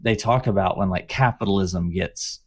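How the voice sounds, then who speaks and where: A man's voice: sits low, normal speed, gravelly, husky. A man co-hosting a podcast in casual chat, explaining history in rambling detail with many fillers. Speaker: podcast co-host.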